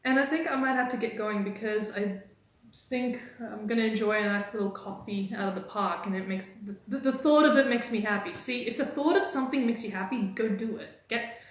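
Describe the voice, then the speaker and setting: Energetic woman coach in an echoey room. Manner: energetic, teasing, fast-changing pitch. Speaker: dating coach. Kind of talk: motivational live stream talk.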